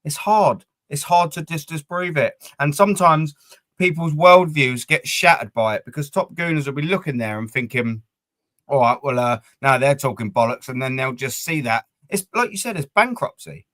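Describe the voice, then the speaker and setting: A man hosting a casual livestream chat, rambling and animated, swearing freely. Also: a little high, moderate pace, no echo. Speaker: podcast host.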